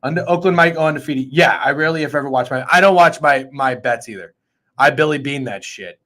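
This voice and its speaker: Excitable, foul-mouthed man hosting a betting show. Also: on the high side, brisk. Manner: excitable, profane and rambling. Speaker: sports betting show host. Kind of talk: casual sports betting chat.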